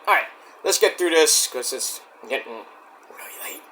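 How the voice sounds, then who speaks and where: Man, wrestling show reviewer, high voice, rambling casual talk. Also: normal speed. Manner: rambling, animated, acts out quotes loudly.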